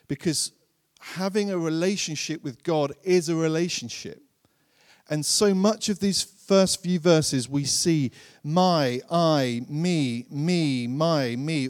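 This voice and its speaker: Man, pastor, sermon, slightly high pitch, earnest, repeats phrases for emphasis. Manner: slows and drops his voice to stress key lines.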